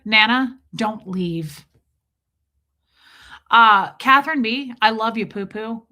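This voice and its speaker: Bright, chatty woman streamer. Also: mid-range voice. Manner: chatty, self-mocking, laughs often, greets viewers by name. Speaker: live stream host. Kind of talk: casual live chat reading viewer comments.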